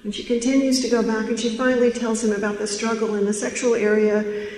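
A man with a high-pitched, darkish voice addresses a live audience in a big room, speaking quickly with little pitch variation. Earnest and questioning, he pulls the listeners in, and the hall's echo comes through along with faint noise.

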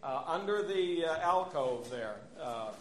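A middle-aged man with a fairly high voice, lively intonation and a slightly slow pace presents a storytelling workshop at a conference. He tells self-deprecating stories and restarts often, recorded in a reverberant lecture hall.

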